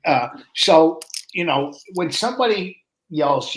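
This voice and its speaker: A man's voice: fairly high pitch, animated, a little slow. A man, a comedian guest on a podcast, talking bluntly and brashly with lots of swearing. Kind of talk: casual chat.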